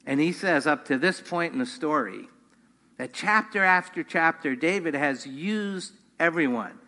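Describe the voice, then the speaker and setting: A man's voice: on the high side, lively intonation, a little slow, bright, forceful tone. A man preaching a sermon to his congregation, earnest, rising in force on key points. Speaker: pastor. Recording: long hall reverb.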